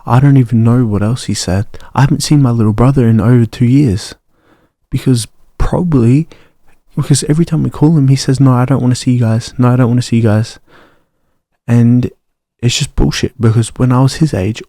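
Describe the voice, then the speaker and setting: Young man ranting, gravelly voice. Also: mid-range voice, mellow, no echo, clean studio sound. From Australia. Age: young adult. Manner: heated, swearing, ranting. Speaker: vlogger. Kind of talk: ranting personal vlog.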